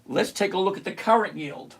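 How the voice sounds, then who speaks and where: A middle-aged livestream host in casual commentary who teases a viewer sarcastically, repeats points slowly and mutters while hunting around the screen. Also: mid-range voice, gravelly, a little hiss or hum. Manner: teasing, sarcastic, talks straight to a viewer.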